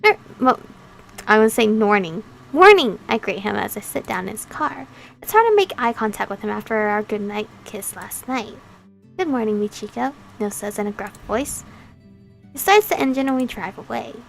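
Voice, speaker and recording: A game channel host reads a visual novel aloud as its heroine, breaking off between lines for playful, chatty asides. Her medium-pitched voice is animated and gravelly, her speed normal, and soft music plays in the background.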